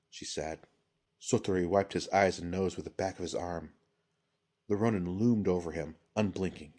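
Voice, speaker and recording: Low, husky male narrator. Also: steady tone, moderate pace, darkish tone. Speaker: audiobook reader. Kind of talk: scripted narration.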